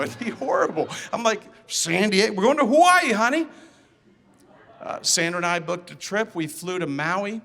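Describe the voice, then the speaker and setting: A man telling a personal story to an audience, animated, acting out dialogue and repeating words as he goes, in a large reverberant hall. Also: high-pitched. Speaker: speaker.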